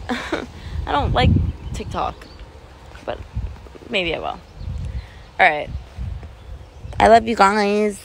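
A woman's voice: medium pitch, animated, takes it slowly, creaky, long pauses, noisy background. A woman singer chatting casually with fans on a phone live stream from home, rambling with lots of "like" fillers and giggles.

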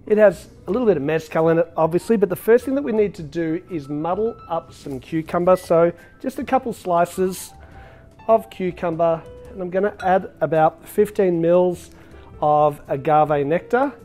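A man bartending on his own show talks through each drink in a loose, cheerful way. His voice sits a little high, and he scatters filler words as he chats. Soft music plays faintly underneath. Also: normal speed. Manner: chatty, upbeat, with frequent filler words. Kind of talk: casual cocktail demonstration.

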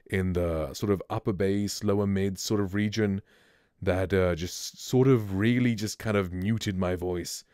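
A man's voice: on the low side, a little mellow, dry recording. A man streamer giving a casual, rambling microphone review, speaking close to a studio mic at his home streaming setup. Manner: laid-back, rambling.

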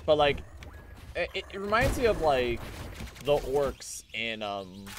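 A man's voice: very animated, unhurried, a little hiss or hum. A man casually commenting on a game he plays on stream, rambling and joking as he goes. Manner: rambling, jokey, puts on silly high voices for clone banter.

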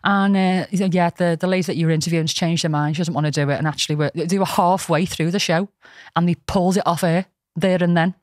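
Scouse woman podcast host, lowish voice, dry close sound, chatty and laughs a lot. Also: steady tone, fast, few pauses, darkish tone, no room sound. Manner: chatty storyteller, laughs often. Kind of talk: casual chat.

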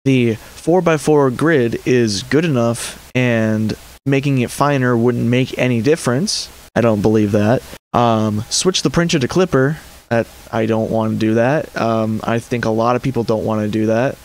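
A man's voice: medium pitch, normal speed, a little mellow. A man hosting a hobby channel, giving an exasperated, rambling commentary and often correcting himself mid-sentence. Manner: frustrated, exasperated. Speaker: 3D printing channel host. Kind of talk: commentary rant to camera.

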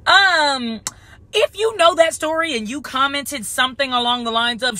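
A woman vlogger ranting to her followers in a sarcastic, exasperated way, now and then bursting into shouts. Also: high-pitched, expressive, a little slow, slight background noise. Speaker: esthetician vlogger. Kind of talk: ranting commentary to camera.

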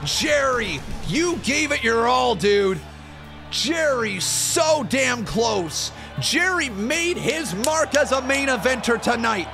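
A man hosting a live stream, calling a simulated wrestling match play-by-play from his desk in an excitable, shouting manner. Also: very high-pitched, slow, creaky, over music. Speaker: streamer and host of the series.

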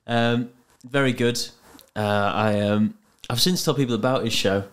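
A man's voice: medium pitch, moderate pace. Jokey English man hosting a podcast. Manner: jokey, laughing through stories. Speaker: podcast host. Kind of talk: casual chat.

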